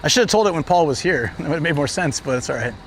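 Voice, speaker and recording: Man, livestreamer, walking outdoors, rambling casual chat, slightly higher voice, faint street noise. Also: lively intonation, very fast. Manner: rambling storytelling with frequent fillers. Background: traffic and city ambience.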